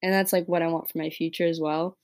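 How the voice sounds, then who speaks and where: Rambling teenage girl podcaster, low voice. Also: flat delivery, fast talker, darkish tone. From New York. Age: teens. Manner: rambling, heavy use of "like" and "right?". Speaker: podcast host. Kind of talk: casual personal podcast monologue.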